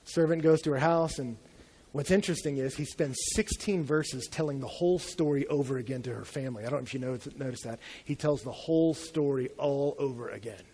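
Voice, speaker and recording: A man's voice: medium pitch, fairly quick, dark tone, slightly rough. A young adult man preaching a sermon as a pastor in a conversational, humorous storytelling way.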